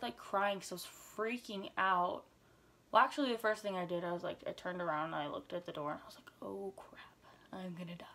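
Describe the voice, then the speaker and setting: Chatty teen girl telling a story. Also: mid-range voice. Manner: chatty and dramatic, with frequent "like"; drops to whispers for tense moments. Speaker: vlogger. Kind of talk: storytime vlog.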